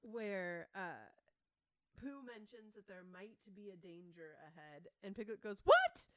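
Smooth-voiced woman podcast co-host. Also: mid-range voice, a little slow, dry recording. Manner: thoughtful, analytical, reads quotes aloud. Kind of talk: casual chat.

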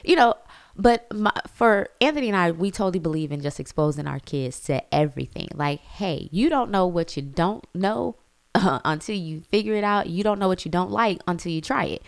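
A woman's voice: on the low side, lively intonation, moderate pace, vocal fry, no echo. A woman, chatting casually as she tells a family story to her viewers. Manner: chatty, says y'all, acts out quotes. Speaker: vlogger.

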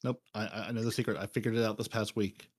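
A man co-hosting a casual podcast, joking and thanking listeners with quick banter. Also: fairly low pitch, steady tone, slightly rough. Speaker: podcast co-host.

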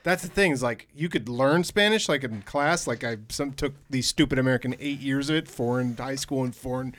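A man's voice: mid-range voice, a little fast, a bit bright. A man co-hosting a movie podcast, who chats casually and jokes. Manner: chatty and joking. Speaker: podcast co-host.

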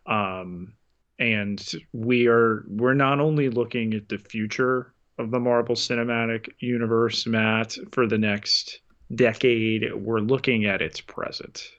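A man with a mid-range voice who talks slowly and carefully, recapping a show on a podcast. His audio sounds dull and lo-fi, as if recorded on a lesser mic. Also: medium pitch, fairly even intonation, fairly bright tone. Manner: measured, recapping scenes. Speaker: podcast co-host. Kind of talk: casual chat.

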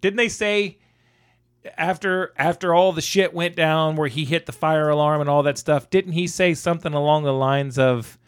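A man co-hosting a casual movie review chat, animated and swearing freely as he retells scenes. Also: a little high, moderate pace, clear, resonant tone. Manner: animated, swears freely, acts out quoted lines. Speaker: podcast co-host.

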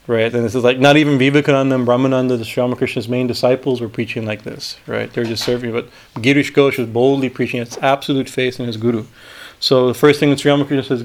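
A man, a swami, reading a spiritual text aloud and breaking off into halting commentary that often ends in a questioning "right?". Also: medium pitch, steady tone. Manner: halting asides, frequent "right?" tags.

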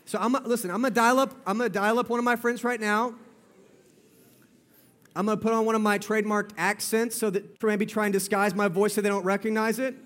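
High-voiced young man preaching. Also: flat delivery, fairly quick, fairly bright tone. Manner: chatty and playful, often calls out "guys" and repeats himself. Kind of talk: sermon to a live audience.

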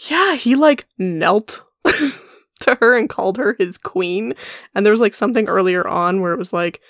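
A woman co-hosting a casual book-talk podcast, recorded dry and close with no room sound. Her voice sits at a middle pitch, and she laughs and mocks freely, with plenty of profanity. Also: expressive, moderate pace, dry recording. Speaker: podcast co-host. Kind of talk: casual book-discussion chat.

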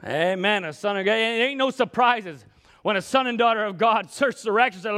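A man preaching a sermon, swinging between emphatic outbursts and quiet asides, reading out scripture. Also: very high voice, big pitch swings, normal speed. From Scotland. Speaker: pastor.

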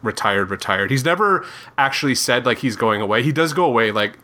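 A man's voice: mid-range voice, animated, a little fast, pushed and bright. A man co-hosting a podcast in casual chat, rambling with many fillers and restarts. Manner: rambling, lots of likes and restarts. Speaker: podcast co-host.

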